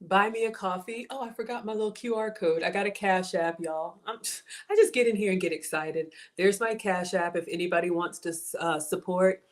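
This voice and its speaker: A woman in her forties with a mild Southern drawl hosts a casual cooking livestream. Her voice sits a little low, and she talks chattily, often calling the viewers y'all and thanking them. It sounds like relaxed, friendly talk as she works in the kitchen. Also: a little fast. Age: 40s. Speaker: home cook livestream host.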